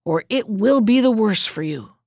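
A woman reading aloud voices a stern female sultana who speaks in a sharp, threatening way. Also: medium pitch, animated, normal speed, gravelly, no echo, studio quality. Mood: angry.

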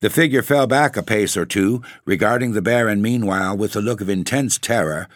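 A man narrating a classic ghost story in a theatrical, measured reading. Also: fairly low pitch, no room sound, studio quality.

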